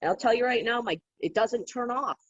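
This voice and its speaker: A woman guest on a podcast, telling stories in an animated, casual way and laughing often. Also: on the high side, fairly quick. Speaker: podcast guest, psychic healer. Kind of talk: casual interview storytelling. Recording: dull lo-fi remote audio.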